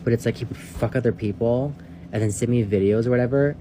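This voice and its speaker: A man telling a casual storytime, rambling and swearing, leaning on "like" and dropping into hushed asides. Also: medium pitch, fast, noisy background. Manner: rambling, profane, heavy use of "like"; drops to a hushed whisper for asides.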